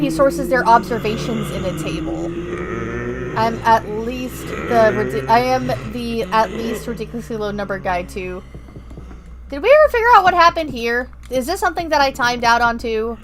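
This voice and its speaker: A woman's voice: on the high side, background noise. A young woman streamer chatting casually while she plays, bubbly and self-deprecating. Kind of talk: casual gameplay chat. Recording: game music underneath.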